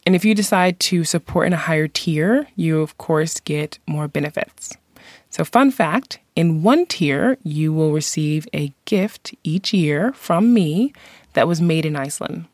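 A woman in her thirties hosting a podcast, reading a scripted segment in a friendly, measured way on a close mic. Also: deep voice, darkish tone, dry recording. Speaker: podcast host.

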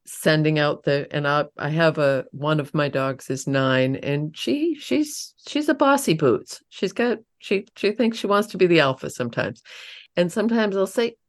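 Woman host, low voice, halting, circling questions. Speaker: interview host. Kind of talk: casual interview talk.

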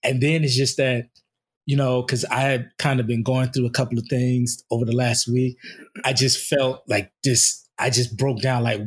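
Male, 30s, husky, mid pitch, candid rambling podcast co-host, still in pain. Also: flat delivery, normal speed. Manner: candid, rambling storytelling with fillers. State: recovering from injury, in pain. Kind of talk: casual chat.

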